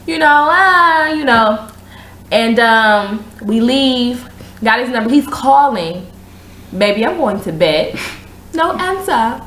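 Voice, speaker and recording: A woman hosting a casual chat show, telling a long story with slang and acting out the other people's lines in a higher voice. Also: slow, echoey room, rough recording. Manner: animated, slangy, acts out quotes in a higher voice. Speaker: show host.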